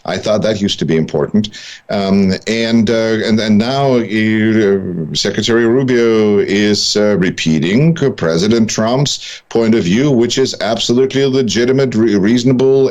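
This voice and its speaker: Man, political commentator, co-host, low voice, halting, lots of uh and um, wry asides. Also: a little mellow. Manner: halting, many fillers and restarts, wry. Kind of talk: analytical commentary.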